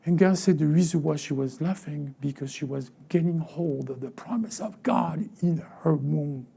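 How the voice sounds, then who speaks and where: This pastor's fairly high voice is gravelly, warm, and husky, moving at a moderate pace through his sermon in a church sanctuary. He poses questions to the congregation, plays out little quoted voices, and tends to repeat words and restart lines.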